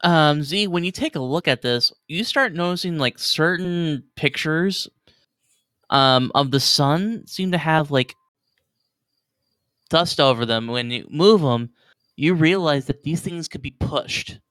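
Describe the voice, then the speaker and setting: A man runs a tabletop game with a smooth, resonant voice. He narrates loosely, with many fillers. The recording is dry and close. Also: a little high, unhurried, a bit bright, no echo. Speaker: game master.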